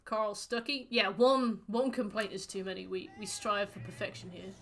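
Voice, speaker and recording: A woman's voice: medium pitch, steady tone, moderate pace, slight background noise. A woman streaming a game, chatting casually with her viewers in a rambling, playful way. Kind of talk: casual chat while gaming.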